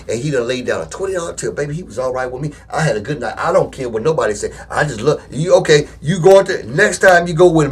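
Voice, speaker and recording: A man's voice: a little high, fast talker, hardly any pauses, slightly rough. A man, co-hosting a casual relationship talk show and telling stories while acting out the people in them. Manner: animated storytelling, acting out quoted people. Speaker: co-host.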